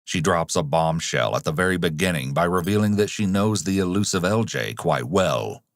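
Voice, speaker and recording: A man giving scripted, measured documentary narration about a criminal case. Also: low-pitched, lively intonation, no echo, clean studio sound. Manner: measured, analytical.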